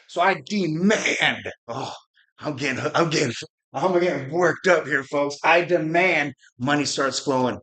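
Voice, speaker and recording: High bright ranting man. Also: takes it slowly. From Arizona. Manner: ranting, profane, rambling with restarts. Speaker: podcast host. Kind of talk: fired-up political rant.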